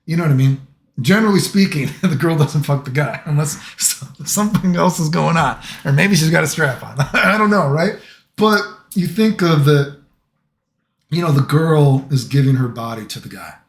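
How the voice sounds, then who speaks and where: A man's voice: a little high, expressive, normal speed, echoey room. A middle-aged man from the United States, talking in a casual, rambling monologue full of filler phrases. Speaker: vlogger.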